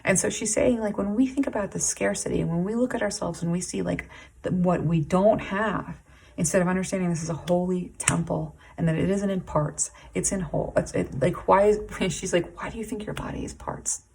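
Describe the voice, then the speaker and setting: A woman reads tarot to camera in a low, gravelly voice with a husky edge. Her talk is halting and rambling, full of restarts and "like"s. She pauses often to sigh and breathe, caught up in the emotion of the reading. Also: darkish tone. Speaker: tarot reader.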